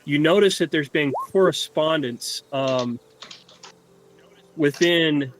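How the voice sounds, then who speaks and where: A man running a tabletop game as game master, narrating haltingly and searching for words. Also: fairly high pitch, a little hiss or hum.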